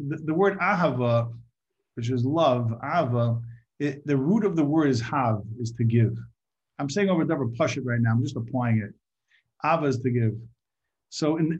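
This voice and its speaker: A man giving an informal Torah talk to a group, halting and repeating his words, sometimes asking the audience questions. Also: fairly high pitch, darkish tone. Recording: muffled lo-fi recording.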